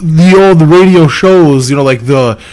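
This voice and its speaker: A man co-hosting a podcast in casual banter, throwing in quick joking one-liners. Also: fairly high pitch, a little mellow. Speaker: podcast co-host.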